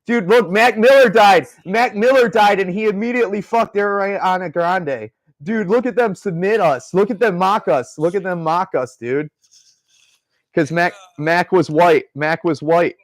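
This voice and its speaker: Podcast dude, a bit high voiced, dry close mic, swears and laughs a bunch. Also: male voice, measured pace, no room sound. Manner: profane, jokey, laughs often. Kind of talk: casual podcast chat.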